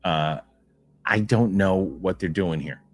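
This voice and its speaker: Speaking slowly in a voice that sits low, a man hosts a film news live stream. He chats and rambles casually, repeating himself while responding to comments from viewers.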